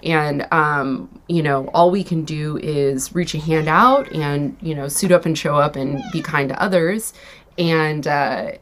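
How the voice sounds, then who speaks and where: A woman's voice: low-pitched, measured pace, slight background noise. A woman hosting a podcast, talking in a rambling, reflective way with many fillers. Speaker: podcast host. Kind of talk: casual podcast chat. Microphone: podcast microphone.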